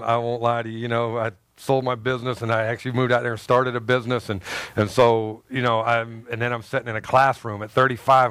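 A man's voice: medium pitch, a bit bright, no room sound. Folksy middle-aged male pastor preaching. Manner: folksy storytelling with laughs and asides. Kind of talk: sermon. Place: church.

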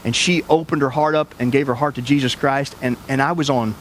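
A man's voice: medium pitch, steady tone, fairly quick, slight background noise. A man pastor preaching a sermon, telling a personal story in an earnest, conversational way with frequent restarts.

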